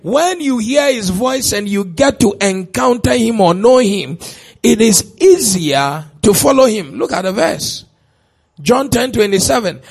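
A man preaching a sermon in a church, stretching out shouted lines for emphasis and putting questions to the congregation. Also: high voice, lively intonation, measured pace, creaky, husky.

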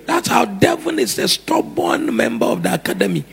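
A man preaching a sermon, animated, acting out scenes with shouts and laughter. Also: high voice, moderate pace, vocal fry, breathy edge, faint music behind. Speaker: pastor.

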